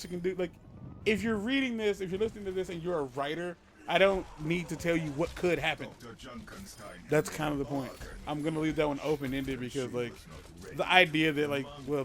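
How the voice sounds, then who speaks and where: A man casually telling a creepy story as a podcast co-host, rambling, swearing and interrupting himself. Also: fairly high pitch. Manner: profane, rambling, self-interrupting.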